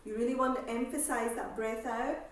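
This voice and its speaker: A woman exercise instructor calmly guiding a seated breathing class, with slow breath cues and counting. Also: a little high, a little hiss or hum. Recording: echoey room, voice from far off.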